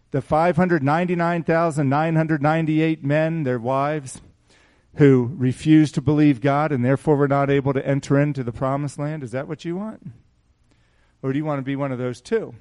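A man's voice: a little high, fairly even intonation, moderate pace, darkish tone. Man preaching to a small congregation. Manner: conversational preaching with rhetorical questions to the congregation; reads scripture aloud in a raised voice. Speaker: pastor. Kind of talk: sermon.

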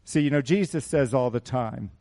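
Here a pastor speaks at a moderate pace, his mid-range voice dark and edged with vocal fry. Addressing a small congregation, he weaves chatty remarks and rhetorical questions around scripture read out in a raised voice.

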